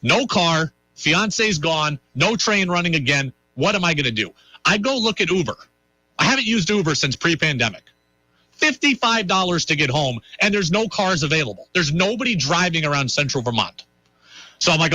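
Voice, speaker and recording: Guy in his 30s rambling on about his night on his radio show, self-deprecating, bright slightly high voice, dry mic. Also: expressive, normal speed, dry recording, low-quality recording. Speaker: radio host. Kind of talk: casual storytelling monologue.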